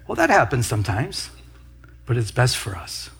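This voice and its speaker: A man's voice: mid-range voice, huge pitch swings, normal speed, vocal fry, fairly bright tone, slightly rough. A man preaching a sermon as pastor, telling a story with quoted asides and laughing along the way.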